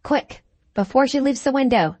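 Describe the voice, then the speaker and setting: A woman voicing a quick-thinking male detective who shouts urgent orders. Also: medium pitch, no room sound, natural voice.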